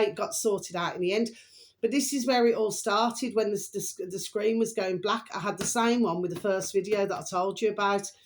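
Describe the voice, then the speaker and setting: A woman hosting her own vlog, talking in a rambling, chatty way, often breaking off to apologize and to repeat a fond pet phrase to her viewers. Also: mid-range voice. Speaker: channel host. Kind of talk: rambling casual vlog chat.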